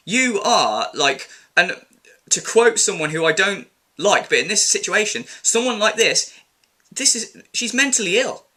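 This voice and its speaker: A man's voice: high voice, sharp tone. A young man ranting angrily in an opinion vlog, indignant, sweary and sarcastic. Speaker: commentary vlogger. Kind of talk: angry opinion rant.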